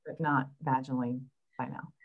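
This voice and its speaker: A woman with a notably low voice speaks as a fertility specialist on a podcast. She talks in a chatty, animated way, laughing as she tells patient stories. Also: normal speed, gravelly, narrow, tinny audio. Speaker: reproductive endocrinologist, guest. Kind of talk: casual podcast conversation.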